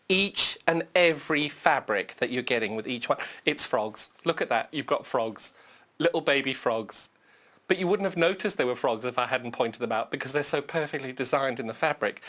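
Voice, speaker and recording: A young woman from the UK hosts a live television shopping demo in an excited, gushing way. She gasps and exclaims as she unwraps and shows off each item. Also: deep voice. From United Kingdom. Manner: gushing, breathless with excitement, gasping. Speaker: shopping channel presenter.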